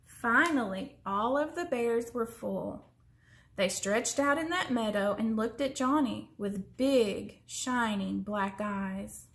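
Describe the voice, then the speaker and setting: A woman reading a children's story aloud in an expressive way, slowing down for suspense. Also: fairly high pitch. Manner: expressive, slows down for suspense, sometimes drops to a whisper.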